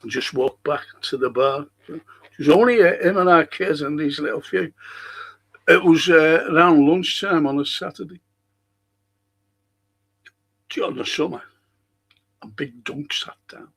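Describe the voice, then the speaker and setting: Gravelly man rambling on a podcast. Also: fairly high pitch, a little slow, pauses often. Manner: rambling storyteller, swears freely. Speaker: podcast host. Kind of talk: casual live-stream chat reading comments.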